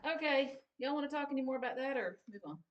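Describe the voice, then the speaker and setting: A woman's voice: high voice, lively intonation, quick pace, dull audio. A woman teaching a writing class, patiently repeating key points and checking that her students understand. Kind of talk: classroom grammar lesson. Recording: roomy echo, distant mic.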